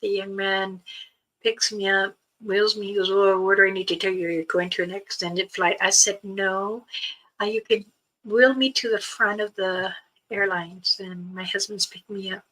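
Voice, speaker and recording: On a casual livestream, a female host talks through her trip, breaking into frequent laughter and reading viewers' comments out loud. Her voice is mid-range and fairly bright, with fairly even intonation at a normal speed, picked up in low quality by her streaming setup.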